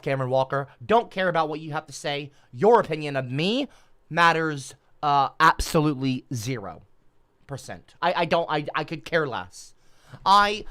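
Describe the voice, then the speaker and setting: A man ranting at his livestream chat in a sarcastic, foul-mouthed way. His pitch swings widely as he talks, and he keeps stumbling over his words and restarting his sentences. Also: expressive, normal speed, bright, forceful tone. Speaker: livestream host. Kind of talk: mocking comedic livestream rant.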